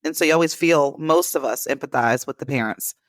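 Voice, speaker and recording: A woman co-hosting a podcast who talks in a relaxed, empathetic, reflective way. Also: sits low, a little fast, no echo. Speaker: podcast co-host. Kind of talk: casual conversation.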